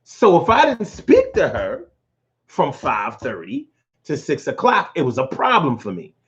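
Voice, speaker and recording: A man's voice: on the high side, a little slow, highs cut off. A man hosting a casual live show, telling personal stories with lots of profanity and feeling. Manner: animated storytelling, profane and emotional. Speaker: host. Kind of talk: casual live-stream talk.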